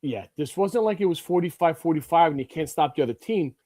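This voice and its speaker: A man's voice: a little high, lively intonation, a little fast, a little mellow, dry recording. A man co-hosting a sports podcast, chatting casually in a laid-back way and reading out game scores. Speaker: podcast co-host. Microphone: podcast studio mic.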